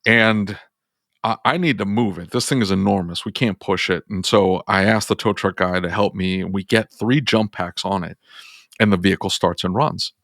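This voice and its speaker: A man's voice: low-pitched, normal speed, fairly bright tone, dry recording, clean studio sound. A man who runs an auto repair shop, telling a story on a podcast and acting out both sides of his phone calls.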